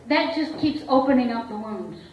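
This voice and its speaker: This frank woman therapist has a voice that sits high, and she gives a candid personal talk to an audience, laughing often and acting out quoted voices. She's recorded in an echoey room far from the mic, with dull, lo-fi sound.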